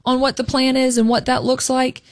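A young woman with a Southern US accent, explaining financial planning in a measured way as a radio co-host. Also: sits high, little pitch movement, no room sound, clean studio sound. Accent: Southern US (Alabama). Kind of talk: casual radio chat.

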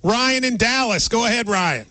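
Male sports radio host, from the south, teasing, bright high voice, dry sound. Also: expressive, no echo. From American South. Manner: teasing, quick to cut in.

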